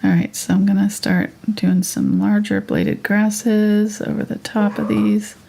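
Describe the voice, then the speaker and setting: A woman walks viewers through a live painting lesson in a soft, often half-whispered voice, keeping it chatty and unhurried. Her tone is dark and mellow with a gravelly, husky edge, and she talks slowly. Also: medium pitch, completely flat delivery. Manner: casual, chatty asides. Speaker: painting instructor.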